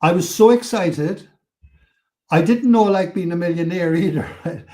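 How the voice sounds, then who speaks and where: An older man with an Irish accent, telling his life story as a podcast guest, animated and acting out voices. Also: high-pitched, moderate pace. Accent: Irish, Cork. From Ireland. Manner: animated, acts out quotes, swears freely. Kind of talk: storytelling interview.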